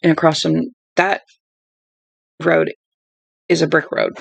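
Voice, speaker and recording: A woman hosting a book-reading livestream chats at home with her dogs in a tired, gravelly, low voice that moves little in pitch. She talks slowly and rambles casually, drifting off topic as she tells stories, in a dry, rough recording.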